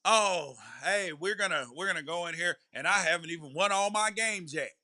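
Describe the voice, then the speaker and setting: A phony-Cajun-drawling coach, as a man mocks him in an impression. The voice sits high and bright, and the tone stays mocking throughout. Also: moderate pace. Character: mocked male coach with a fake Cajun drawl.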